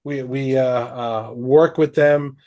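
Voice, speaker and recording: A man speaks at a middling pitch as a guest on a panel. His talk is measured and unhurried. He fills his pauses with ums and uhs. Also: fairly even intonation, dark tone. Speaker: agile coach, panel guest.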